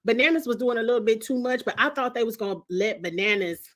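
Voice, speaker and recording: Woman, casual vlog recap, animated and slangy, curses a lot, fairly high voice, filmed at home on a webcam. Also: fast talker. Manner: chatty, slangy, frequent cursing; animated, talks straight to viewers. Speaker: reality TV reviewer.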